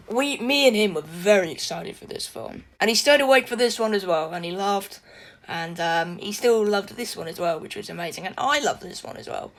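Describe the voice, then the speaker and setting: A young woman giving a casual spoken movie review, chatty and rambling with lots of fillers and restarts. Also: medium pitch.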